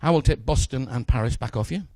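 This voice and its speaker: A man's voice: medium pitch, fast, dark tone, no room sound. A middle-aged man doing playful, joking stage patter as a magician, chatting with a volunteer from the audience. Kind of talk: live comedy magic patter.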